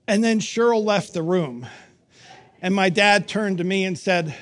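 A middle-aged man preaching a sermon, telling stories with wry humor and emphatic pauses. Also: high-pitched. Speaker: pastor.

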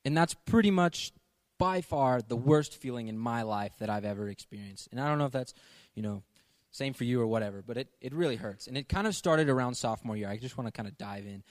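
A young college man gives an earnest, plain-spoken personal testimony. His voice sits at a medium pitch and sounds dry and close to the mic. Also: animated, brisk, hardly any pauses, no echo. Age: young adult. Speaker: student leader.

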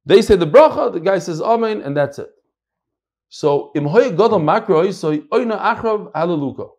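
An American man teaching a Talmud class, emphatic and animated, mixing in Hebrew and Yiddish terms. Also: sits high, normal speed, slightly rough. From United States. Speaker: Torah teacher.

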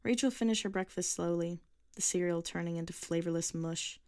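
A woman reads a short story in a measured, even narration. Her voice sits fairly low and the recording is very dry and close, with no room sound. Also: dry recording.

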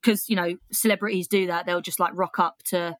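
A woman's voice: fairly low pitch, steady tone, fairly quick, a bit bright, dry recording. A young British woman, a comedian and poet, telling a story casually with swearing and laughter, then reading a poem aloud. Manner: chatty, swears freely, laughs between lines.

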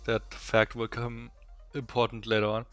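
A young man from Eastern Germany with a strong German accent, a native German speaker, chatting as a podcast guest and telling stories haltingly with many fillers. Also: mid-range voice, completely flat delivery, fairly bright tone, soft background music. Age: young adult. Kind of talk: casual interview chat.

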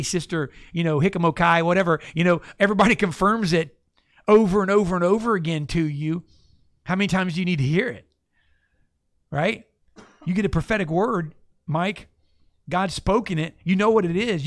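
A man hosting a casual faith talk, preaching with animated, playful asides. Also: high-pitched, dry recording, studio quality. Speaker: podcast host and preacher.

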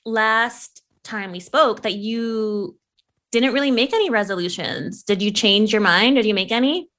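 Laughing, animated young woman. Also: fairly high pitch, unhurried. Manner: animated, laughing, swearing freely. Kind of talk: casual chat.

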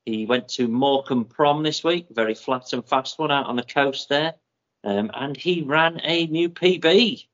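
A man co-hosting a running podcast, working through race results in a steady, methodical way with plenty of ums. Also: medium pitch, slight background noise. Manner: methodical, with many ums and drawn-out names. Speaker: podcast co-host. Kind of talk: casual chat, reading out running results. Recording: muffled lo-fi audio.

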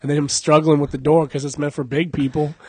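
A man's voice: on the high side, level tone, quick pace, warm tone, slight background noise. A young adult man hosting a casual podcast, joking, cursing and laughing a lot. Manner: profane, joking, laughs often. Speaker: podcast host.

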